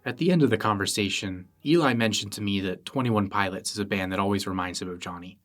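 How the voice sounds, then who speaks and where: A man narrating his podcast in a scripted, quiet and earnest way. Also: fairly low pitch, quick pace, faint music behind. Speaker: podcast host.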